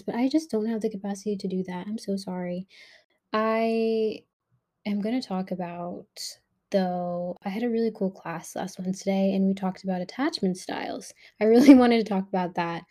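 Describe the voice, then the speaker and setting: A young woman talks straight into her podcast mic in a loose, rambling monologue. She sounds worked up and candid. Her voice has a mellow, dark warmth at an ordinary middle pitch. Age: young adult. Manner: candid, animated, heated. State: agitated and shaken. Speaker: podcast host.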